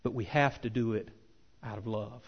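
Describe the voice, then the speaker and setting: A pastor preaching a sermon with impassioned swells that drop to soft, earnest appeals. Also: male voice, on the low side, fairly even intonation, moderate pace, breathy edge, lo-fi sound. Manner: impassioned preaching, rising loud then softening.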